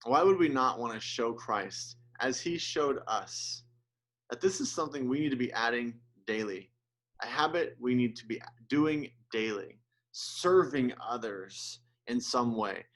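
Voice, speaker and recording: A man's voice: mid-range voice, fairly bright tone. A male pastor giving an earnest, conversational sermon, with restarts and asides, who gets emotional as he speaks.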